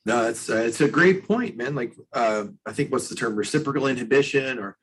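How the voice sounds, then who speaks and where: Here a strength coach, appearing as a guest in a podcast interview, talks at a fairly quick clip in a husky, medium-pitched voice. He's blunt and emphatic and swears freely, and the audio quality is poor.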